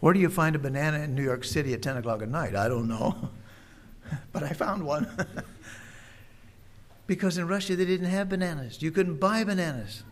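An older man, a preacher, telling a personal story in a folksy, unhurried way with many pauses and fillers. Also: on the high side.

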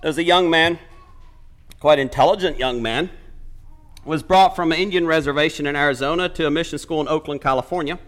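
A man's voice: fairly high pitch, a little fast, fairly bright tone. A man preaching a sermon, retelling a story with quoted speech and building to emphatic points.

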